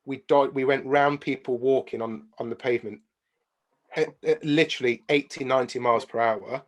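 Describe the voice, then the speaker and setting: A man, a podcast guest, telling animated travel anecdotes in casual chat. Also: mid-range voice, brisk. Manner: animated anecdotes, hums tunes.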